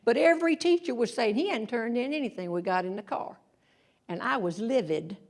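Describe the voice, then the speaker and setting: An older woman, a humorist and speaker, telling a story on stage in an animated, wry way and acting out the quotes with exaggeration. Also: fairly high pitch, a little fast, gravelly. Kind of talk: stand-up storytelling.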